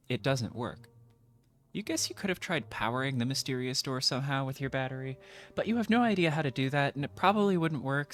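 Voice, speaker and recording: A woman streamer reads on-screen game text aloud and breaks off into jokey, mock-dramatic asides. Her pitch swoops widely as she talks, and soft game music plays underneath. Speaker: streamer playing a video game.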